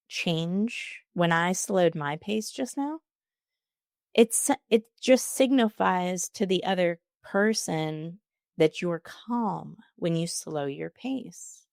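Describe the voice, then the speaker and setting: A woman's voice: fairly low pitch, creaky, no room sound, clean studio sound. A woman hosting a solo podcast, giving chatty, encouraging advice and laughing often. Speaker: podcast host.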